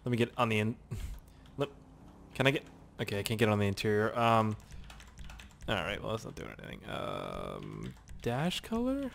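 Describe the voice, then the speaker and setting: A young man from Canada giving rambling, profane gameplay commentary with sudden excited yelps. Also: on the low side, moderate pace, vocal fry, long pauses, a little hiss or hum. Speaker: gaming channel host.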